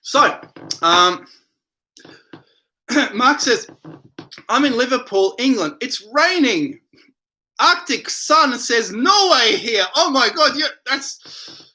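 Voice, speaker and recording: A man with a high, very bright voice hosts a casual late-night livestream from home. He reads viewer comments aloud and wanders off into rambling replies. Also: lively intonation, slow pace, pauses often. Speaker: livestream host reading chat.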